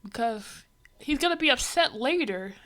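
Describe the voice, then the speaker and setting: A woman's voice: high voice, lively intonation, moderate pace, a bit bright. Exasperated woman ranting on stream. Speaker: livestreamer. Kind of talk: casual reaction commentary.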